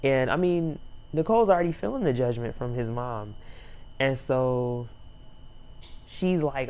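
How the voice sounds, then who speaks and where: A woman's voice: sits low, unhurried, darkish tone. A young woman reviewing a reality show in a rambling, casual way, laughing often and using many fillers.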